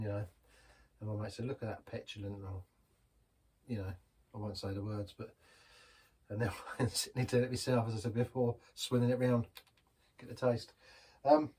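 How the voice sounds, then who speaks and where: A man's voice: medium pitch, slightly rough. Rambling chatty man reviewing beer. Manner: rambling, chatty, full of restarts and asides.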